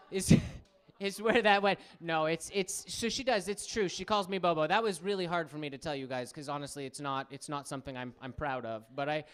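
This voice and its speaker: A man in his thirties doing a stand-up comedy set on a club stage, telling animated stories and acting out the people in them. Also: clean tone. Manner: animated storytelling, acts out quotes in higher voices.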